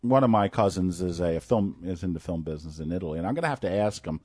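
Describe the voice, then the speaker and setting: A man with a low voice, chatting loosely and joking between rambling stories. The sound is dry and close, as on a podcast mic. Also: animated, quick pace, darkish tone, slightly rough, no echo. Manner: rambling storyteller, jokey, laughs often. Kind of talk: casual chat.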